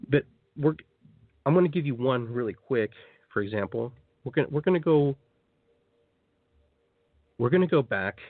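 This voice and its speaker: A radio show host and shamanic guide runs a live call-in show, chatting enthusiastically and leading listeners through a meditation with lots of repeats and restarts. His voice is lowish, and the dry recording has a tinny phone-line sound.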